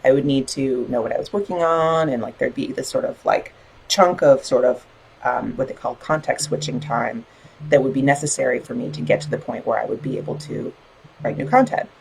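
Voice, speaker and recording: Woman host, gravelly voice, husky tone, encouraging casual chat, live book club talk. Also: extremely low pitch, brisk, a little mellow, poor audio. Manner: encouraging, chatty, reads out viewer comments.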